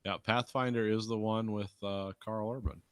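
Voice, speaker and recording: A deep-voiced man co-hosting a podcast, listing figures and facts casually with plenty of "uh" and "um." His voice sounds dry and close, with no room around it. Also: steady tone, moderate pace, clear, resonant tone, no room sound. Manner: reels off facts with hesitant fillers. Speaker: podcast co-host. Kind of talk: casual chat.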